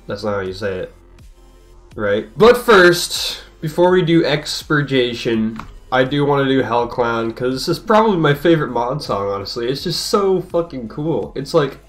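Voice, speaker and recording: Profane young man rambling over gameplay. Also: mid-range voice. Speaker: gaming streamer. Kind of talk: casual gameplay commentary. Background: game music.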